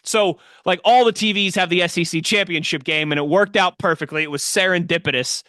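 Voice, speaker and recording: A bright-toned man with a slightly higher voice, chatting casually as a podcast co-host. He tells stories animatedly and slips into quick impressions of other people. The recording is close and dry. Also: no echo. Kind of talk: casual sports chat.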